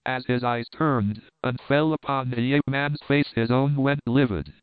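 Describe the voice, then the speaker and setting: Man narrating an audiobook, crisp voice. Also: mid-range voice, a little slow, no room sound. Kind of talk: scripted narration. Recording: crisp, dry, phone-like narrow sound.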